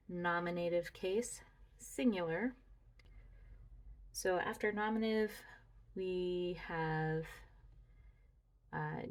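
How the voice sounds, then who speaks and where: A woman slowly talking through a grammar review lesson, musing aloud as she walks through her slides. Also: fairly low pitch. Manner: deliberate, talks through slides, muses aloud. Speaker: student reviewing Greek grammar.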